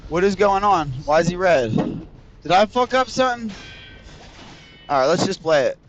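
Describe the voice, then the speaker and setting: A man's voice: sits high, expressive, normal speed, muffled recording, faint music behind. A man streaming a video game, chatting casually with his viewers in a rambling, profane way. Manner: rambling, profane, talks straight to chat. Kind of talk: casual livestream chat with viewers.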